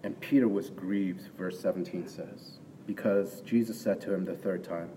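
A pastor preaches a sermon conversationally, often checking in with "right?" and rising into emphatic bursts. His low-pitched voice has a dark tone, fairly even intonation, and a moderate pace. He sounds far off amid long hall reverb, faint ambience, and slight background noise.

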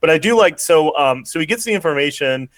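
A man's voice: fairly high pitch, animated, fairly quick, no echo. Chatty man rambling through a movie recap. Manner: rambling, many fillers, laughs while retelling. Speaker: podcast co-host. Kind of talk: casual movie recap chat.

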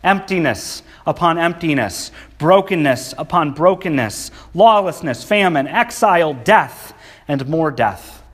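A man's voice: on the high side, expressive, unhurried. A male preacher giving a sermon, speaking emphatically and reading scripture with feeling. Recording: long hall reverb.

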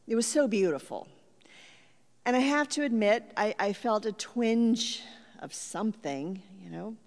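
Woman pastor, unhurried reflective sermon storytelling, long church-hall echo. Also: medium pitch. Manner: reflective, gently paced personal storytelling.

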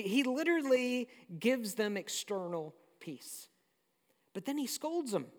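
A pastor preaching a sermon in a conversational, storytelling way. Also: mid-range voice. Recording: long hall reverb.

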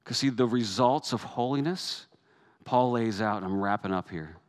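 A man's voice: medium pitch, normal speed. A man, a pastor, preaching a sermon in a conversational way that rises to emphatic peaks.

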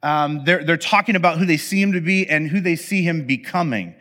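A man's voice: fairly high pitch, brisk, pushed and bright, big-room sound. A man giving a sermon as pastor, in a conversational, playful way, acting out the voices of the people in his examples.

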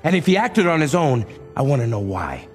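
A man's voice: medium pitch, very animated, a little fast, close to an everyday voice. An actor playing a firm male commander who gives orders to a search team, in a clip with long reverb and music behind.

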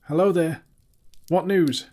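A man's voice: lowish voice, brisk, a little mellow, husky. A man voicing a bruised, wry male hobbit who is shaken after a battle. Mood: shaky calling. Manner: wry, self-mocking.

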